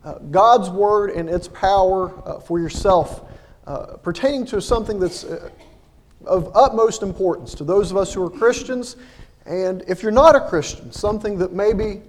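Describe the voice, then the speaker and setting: Hesitant preacher with a high voice. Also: male voice, darkish tone, in a large hall. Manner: halting, many fillers and repeated words. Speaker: minister. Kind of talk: sermon.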